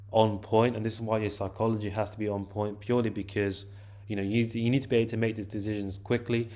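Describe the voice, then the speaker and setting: A man casually talking through a trading chart, chatty and informal, with frequent restarts. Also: fairly low pitch. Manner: informal, chatty, often restarts and says "to be fair". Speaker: trader explaining a trade. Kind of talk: casual screen-share trading walkthrough.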